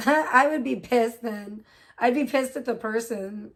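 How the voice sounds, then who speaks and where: A woman's voice: fairly high pitch, unhurried, a bit bright. A woman hosting a casual livestream, gossiping and reacting to chat, swearing freely. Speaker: livestream host.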